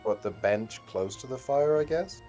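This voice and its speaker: A man playing in a tabletop game, making dry, deadpan jokes. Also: mid-range voice, normal speed, faint music behind. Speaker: player. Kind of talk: casual game chat.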